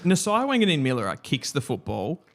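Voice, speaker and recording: A man's voice: fairly high pitch, wildly swooping pitch, fairly quick, a bit bright. An Australian man hosting a casual footy watch-along, chatting and calling the play. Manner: chatty, calls the play as it happens. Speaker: host.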